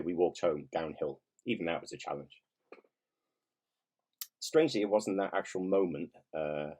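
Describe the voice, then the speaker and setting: Male author, 50s, low and husky, reads his own memoir with wry self-mockery. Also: darkish tone. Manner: wry, self-mocking, with casual swearing. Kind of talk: reading his own nonfiction aloud.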